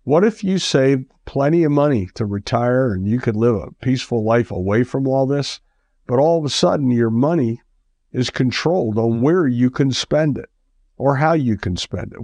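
A man's voice: medium pitch, a little mellow, dry recording. A man preaching a radio sermon, earnest and exhorting, with lots of repetition.

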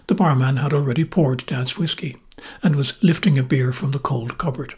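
An Irish man narrates a storytelling podcast in a measured, gently wry way. His voice is very husky and raspy, with a pitch in the middle range for a man.

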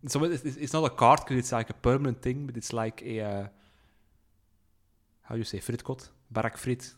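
Podcast co-host: mid-pitched man, dry and teasing. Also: steady tone, moderate pace. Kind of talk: casual chat.

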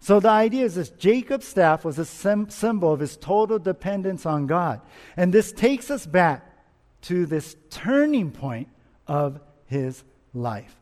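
High-voiced man preaching in a reverberant hall. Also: sing-song, measured pace, darkish tone. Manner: earnest, asks rhetorical questions, repeats himself. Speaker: pastor. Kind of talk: expository sermon.

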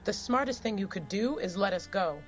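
A woman's voice: mid-range voice, expressive, soft background music, close to an everyday voice. Lois Lane, bossy star reporter voiced by a woman. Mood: defiant. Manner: brisk and commanding. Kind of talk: audio drama acting.

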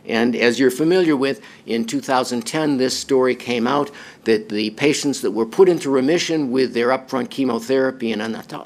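Male oncologist, gravelly voice, earnest interview answer. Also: medium pitch. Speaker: pediatric oncologist.

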